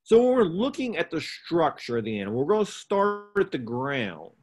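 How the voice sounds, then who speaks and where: A man's voice: a little high, sing-song, moderate pace. A man teaching a livestock judging clinic, explaining traits step by step in a plain, methodical way with frequent fillers and self-corrections. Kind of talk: instructional explanation.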